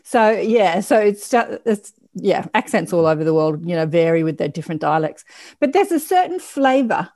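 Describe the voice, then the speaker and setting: A woman's voice: on the low side, very animated, moderate pace, a little mellow. An Australian woman from Sydney, a podcast guest, chatting casually over a video call and telling stories animatedly. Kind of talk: casual chat.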